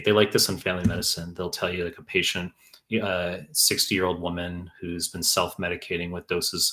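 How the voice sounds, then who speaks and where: Reading chat questions aloud on a live stream, a young male medical exam tutor answers in a blunt, profane, meandering way. He has a deep voice with a bright, forceful tone.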